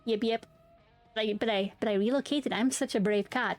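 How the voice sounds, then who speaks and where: A woman's voice: on the high side, moderate pace, no room sound, soft background music. Bubbly young woman streamer, dry mic. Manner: bubbly, hums and sings filler tunes. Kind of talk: casual live-stream chat.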